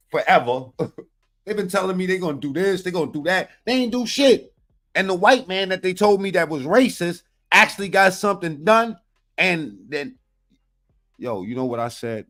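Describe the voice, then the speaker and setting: A man's voice: fairly high pitch, fairly bright tone. A man giving blunt, profane, rambling commentary as he reacts to video clips. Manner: blunt, heavy swearing, rambling street talk.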